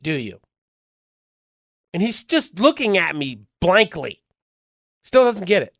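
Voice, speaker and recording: A man being interviewed, telling a story in lively conversation, acting out the voices in his quotes and chuckling along the way. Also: high-pitched, measured pace, creaky, pauses often, no echo, clean studio sound. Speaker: interview guest.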